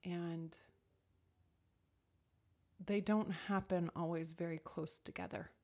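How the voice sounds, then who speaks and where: A woman's voice: on the low side, steady tone, slow, dark tone. A woman talking reflectively about intuition and decisions, thoughtful, with frequent "like" and restarts, sometimes dropping to a near whisper. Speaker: speaker sharing personal advice. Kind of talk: reflective casual talk.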